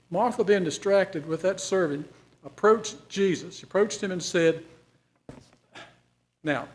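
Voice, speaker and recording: A man teaching an informal Bible study class, his voice pitched a little high for a man. He talks in a folksy, conversational way and keeps putting questions to his listeners. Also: vocal fry, a little hiss or hum.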